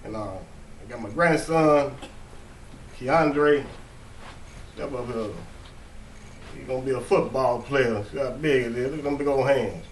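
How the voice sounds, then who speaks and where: A man's voice: medium pitch, a little slow, pauses often, a little hiss or hum. A grandfather introducing his daughters and grandson, chuckling between names. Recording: echoey, from far off.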